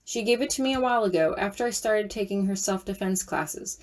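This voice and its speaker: A woman voicing a young female interpreter who answers in quick, defensive replies in a fan-fiction audiobook. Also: medium pitch, darkish tone, natural voice. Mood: flustered.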